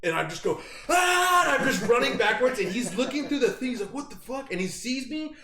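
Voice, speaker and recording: A young man hosting a casual podcast, telling a wild story with lots of swearing and loud acted-out yelps. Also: very high voice, expressive, quick pace, roomy sound, a little hiss or hum. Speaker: podcast host.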